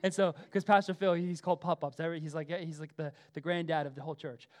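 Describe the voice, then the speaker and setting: A middle-aged man preaching a sermon, swinging between loud emphasis and soft, conversational asides, often repeating himself as he goes. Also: a little high, fairly even intonation, fast. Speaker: pastor.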